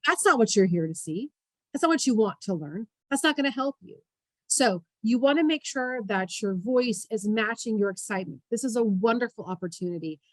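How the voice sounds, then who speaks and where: Woman, workshop instructor, energetic emphatic coaching, higher voice, dry close sound, video call. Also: a little fast, no room sound, low-quality recording. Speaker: public speaking workshop instructor. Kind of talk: online workshop lesson.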